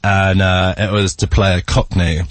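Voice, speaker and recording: Man, low dry voice, chatty guest. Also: level tone, a little slow, no room sound. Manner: laughs often, tells stories. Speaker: guest, singer and actor. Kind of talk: casual interview chat. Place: radio studio.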